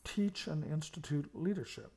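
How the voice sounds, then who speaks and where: This American university lecturer has a gravelly, somewhat mellow voice on the high side and speaks at a moderate pace. In his recorded lecture on management, he explains points, stresses key words, and keeps saying "okay" to check in.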